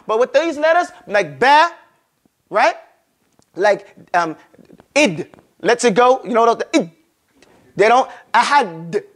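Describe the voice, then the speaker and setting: High-voiced man teaching recitation drills. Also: a bit bright. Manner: drills pronunciation, stretching sounds slowly and repeating them; casual, conversational teaching with frequent check-ins. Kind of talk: classroom lesson.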